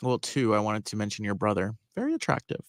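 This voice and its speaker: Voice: medium pitch, very animated, quick pace, no room sound. A co-host of a talk show chatting casually, adding playful, teasing remarks. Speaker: podcast co-host. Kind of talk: casual chat.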